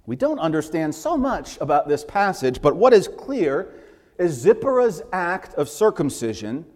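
A man's voice: on the high side, sing-song, unhurried, darkish tone. A male pastor delivering a sermon in a conversational way, with personal asides and light humor. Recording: long hall reverb.

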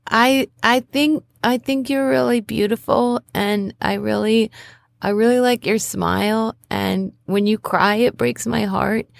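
A woman voicing a sweet young female bunny spirit who gushes bashfully in a squeaky voice. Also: gravelly, dry recording.

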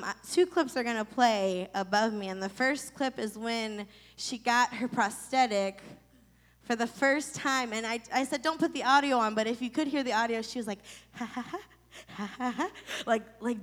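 A woman in her thirties from Florida telling a personal testimony in an emotional, halting way with many restarts. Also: on the high side, a bit bright. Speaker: storyteller sharing a personal testimony. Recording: long reverb.

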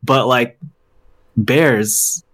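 Co-host, male, mid-pitched, playful banter. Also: extremely slow, a bit bright. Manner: playful, jokey, mock-offended. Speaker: podcast co-host. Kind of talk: casual chat.

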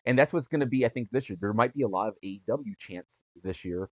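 Low-voiced rambling podcast co-host man. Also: fast talker, a little mellow, highs cut off. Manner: rambling, restarts sentences. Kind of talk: casual chat.

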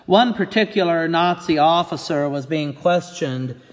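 A man's voice: fairly high pitch, unhurried. Man reading scripture in a reverberant hall. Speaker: pastor. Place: church.

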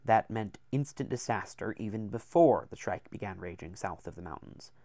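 A man voicing a reserved, patient male diplomat who speaks in a measured way, in an audiobook. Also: fairly low pitch, lively intonation, dark tone, dry recording, clean studio sound.

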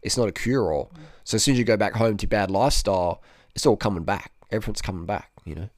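Homem australiano, voz grave e seca. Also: male voice, lowish voice, fast talker, no room sound, studio quality. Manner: rambling storyteller, many repeats and "you know". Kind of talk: casual conversation.

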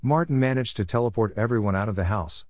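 Storyteller, male, low register, earnest read-aloud, dry booth sound. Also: fast, a little mellow, no echo. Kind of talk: reading his own story aloud.

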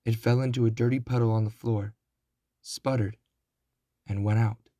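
A man narrating a children's storybook aloud, slow and deliberate. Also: medium pitch, fairly even intonation, dark tone, dry recording, clean studio sound.

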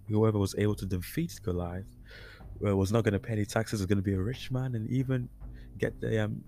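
A deep, mellow male voice with vocal fry belongs to a Christian podcast host. He teaches in a relaxed, conversational way, often using fillers and restarting sentences.

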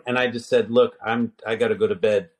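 A man's voice: mid-range voice, steady tone, moderate pace. Rambling middle-aged man telling a story. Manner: rambling storyteller, quotes himself and others. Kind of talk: casual conversation.

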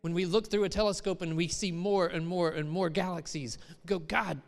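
Male pastor, middle-aged, sermon, somewhat high voice, conversational, long reverb of a big hall. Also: steady tone, a little fast, darkish tone. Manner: conversational, rising to emphatic in quoted voices.

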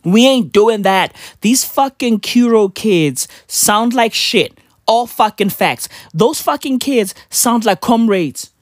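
South African woman, slow lively rant, slangy and profane, dry close sound. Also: on the high side, no echo. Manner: animated, repetitive, slangy. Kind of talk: profane comedic rant to camera.

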